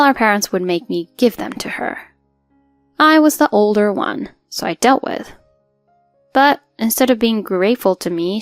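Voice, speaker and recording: A woman's voice: a little high, dry recording. A woman in her twenties narrating a scripted first-person story in an earnest, hurt way. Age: 20s.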